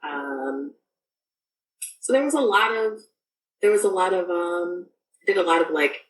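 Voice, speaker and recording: Female podcast guest, low register, halting storyteller with many fillers; distant roomy recording, faint background noise. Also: lively intonation. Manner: rambling, full of fillers and restarts. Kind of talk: casual storytelling.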